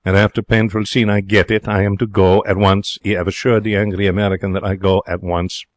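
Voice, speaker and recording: An actor playing an excitable young Frenchman in a radio drama, speaking broken English in a French accent with theatrical, emotional delivery. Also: lowish voice, fairly quick, dry recording, natural voice. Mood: wistful. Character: young excitable romantic Frenchman, former hotel cashier. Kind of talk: 1940s radio drama narration.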